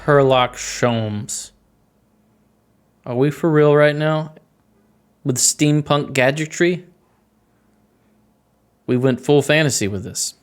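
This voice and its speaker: A man hosting a let's play, commenting on the game in an incredulous, expressive way. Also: fairly high pitch, takes it slowly, pauses often.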